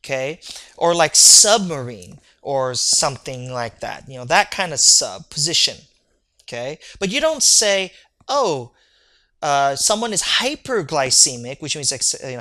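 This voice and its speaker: A lecturer giving a recorded online lecture on medical terms, energetic and joking, often checking in with the listener. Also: medium pitch. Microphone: recorded video lecture.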